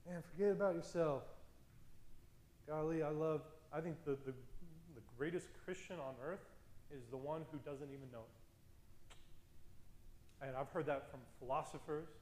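A male pastor preaches in a loose, conversational way, laughing now and then and tossing in asides. His voice sits a little on the high side. The sound carries a noticeable room echo. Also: steady tone, unhurried, pauses often, darkish tone, slight background noise. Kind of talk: sermon.

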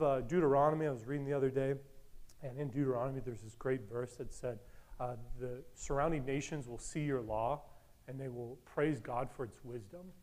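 A man preaching a sermon, animated and enthusiastic, swinging from loud whoops to quiet, earnest talk. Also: mid-range voice. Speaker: pastor.

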